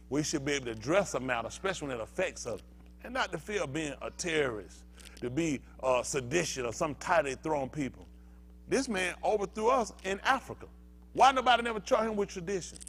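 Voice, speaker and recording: Older male preacher with a slightly high, animated voice, heated and emphatic, pushes the congregation with questions. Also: a little fast, a little hiss or hum. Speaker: pastor. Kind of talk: fiery preaching sermon.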